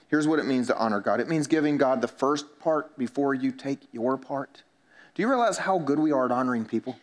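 A man's voice: medium pitch, normal speed. A male pastor preaching a sermon in a conversational way, joking with the congregation and acting out little everyday dialogues.

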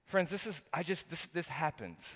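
A man's voice: a little high, lively intonation, normal speed. Middle-aged male pastor preaching in a reverberant church hall. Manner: earnest, emphatic preaching with many restarts and swings from loud to quiet. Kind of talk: sermon.

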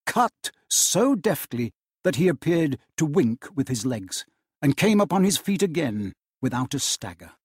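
Husky man reading with lively expression. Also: a little high, a little slow, dry recording, studio quality. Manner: animated, theatrical storytelling. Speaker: teacher reading aloud.

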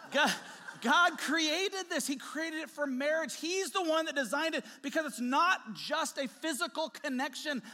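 A man preaching a sermon to a congregation, lively and joking, often laughing. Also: extremely high pitch. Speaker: pastor. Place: church hall with a congregation. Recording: reverberant church hall.

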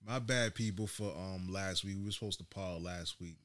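A man's voice: sits low, normal speed. A man in his thirties, telling a story animatedly in casual chat as a podcast host. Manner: animated storytelling with laughs and slang.

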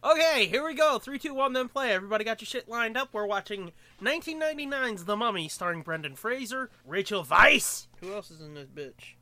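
A young man co-hosting a casual movie commentary, excitable and profane, breaking into silly exaggerated voices. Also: sits high, fairly quick, few pauses, no echo. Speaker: podcast co-host.

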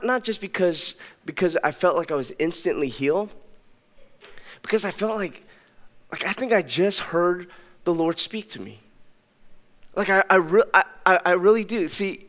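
A young adult male pastor telling a personal story in a sermon, animated and conversational, with many restarts. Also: fairly high pitch. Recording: long hall reverb.

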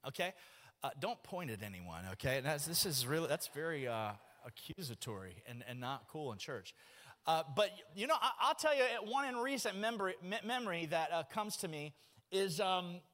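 A man's voice: on the high side, moderate pace. A man, preaching a folksy, joking sermon in a church. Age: 40s. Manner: folksy, joking, animated storytelling. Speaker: pastor. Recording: long reverb of a church hall.

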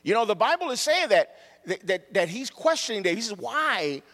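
A man preaches a sermon with animated storytelling, repeating his phrases for emphasis. His voice sits a little high and swings widely in pitch. A long reverb trails behind him, as in a large hall. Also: fast talker.

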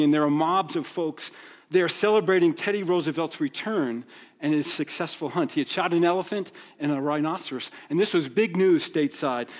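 A man from New York preaching a sermon, telling stories conversationally and acting out the people in them. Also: a little high. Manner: conversational, acts out dialogue in stories. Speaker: pastor. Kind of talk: sermon with personal storytelling. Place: church sanctuary. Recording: long hall reverb.

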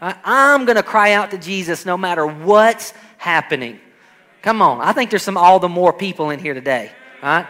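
Preacher guy with a high voice, emphatic, calls out to the congregation, echoey church hall. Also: lively intonation, moderate pace, sharp tone. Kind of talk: sermon. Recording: echoing hall with faint music.

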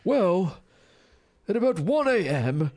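A man's voice: sits high, sing-song, slow pace, darkish tone, slight background noise, pitched above the performer's own voice, exaggerated voice. A man voicing a posh young male English raver in a put-on upper-class English accent, reading with exaggerated plummy flair. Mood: mock-posh.

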